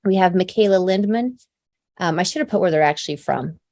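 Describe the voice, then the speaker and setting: A woman on the low side, slightly mellow, talks a little fast with no echo. As founder of the company, from Idaho, USA, she gives a cheerful, casual presentation to her new team on a video call, listing lots of items with plenty of fillers and openly noting how easily she tears up.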